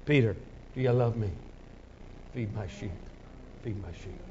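A man voicing a gentle, patient teacher in a sermon, speaking in a low, soft and tender way. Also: fairly even intonation, normal speed, highs cut off, a little hiss or hum, natural voice. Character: gentle, patient grown man calling a friend back.

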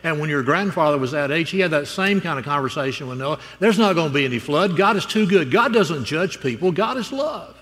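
A man's voice: on the high side, quick pace, hardly any pauses, fairly bright tone, natural voice. A man doing a scoffing, dismissive father. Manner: condescending, laughing off warnings. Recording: long reverb in a large hall.

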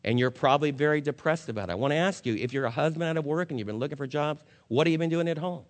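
Male pastor, sermon, slightly high voice, emphatic, rhetorical questions, loud-to-low swings, long hall reverb. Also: racing.

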